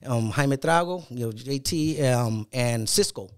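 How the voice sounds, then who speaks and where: In a medium-pitched, clean-toned voice, a middle-aged man unhurriedly tells stories as a guest. The talk is casual, he swears a lot, and he acts out quoted people's voices.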